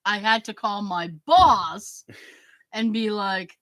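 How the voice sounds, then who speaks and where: A woman podcast host telling a story in casual chat, acting out the quoted dialogue with lively emphasis. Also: mid-range voice, takes it slowly, no echo, low-quality recording. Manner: animated, acts out quoted dialogue.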